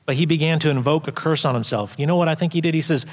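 A man preaching a sermon as pastor, animated, acting out quoted voices loudly and dropping to quiet asides. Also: on the high side, quick pace, few pauses. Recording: long hall reverb.

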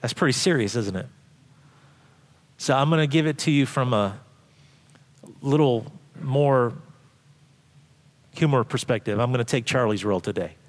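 A man preaching a sermon as pastor, lively and joking, with frequent restarts. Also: medium pitch, moderate pace, long pauses.

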